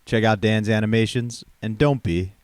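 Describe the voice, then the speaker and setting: A man's voice: fairly low pitch, normal speed, clean tone, no room sound. A man co-hosting a comedy podcast, throwing in joking asides and crude riffs. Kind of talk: casual comedy podcast chat.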